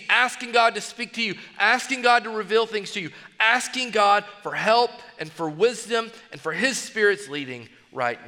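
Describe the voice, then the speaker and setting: High, bright-voiced male pastor preaching. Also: in a large hall. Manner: emphatic, exhorting with repeated phrases. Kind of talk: sermon.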